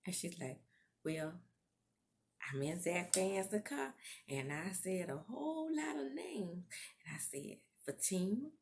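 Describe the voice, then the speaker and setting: A woman's voice: on the low side, slow pace, vocal fry, a little hiss or hum. A woman recapping a TV episode in a casual vlog, laughing and acting out the characters' lines as she retells the scenes. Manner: animated, laughing, acts out quotes in character. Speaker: TV recap vlogger.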